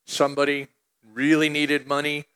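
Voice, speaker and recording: A man's voice: on the high side, monotone, normal speed, a bit bright, clear, resonant tone. A middle-aged man preaching a conversational sermon as a pastor, mixing scripture with personal stories.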